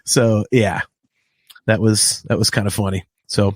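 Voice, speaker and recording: A man in his late forties, a podcast co-host, chatting casually and telling animated stories with frequent laughter. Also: lowish voice, takes it slowly, slightly rough, no echo. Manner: animated storyteller who laughs often. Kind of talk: casual chat.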